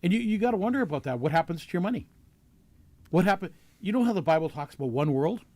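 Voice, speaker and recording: A man's voice: sits high, expressive, fast talker, a little mellow, dry recording. A man hosting a talk show, asking earnest questions with many fillers and restarts. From Canada. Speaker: show host. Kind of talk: casual talk show discussion.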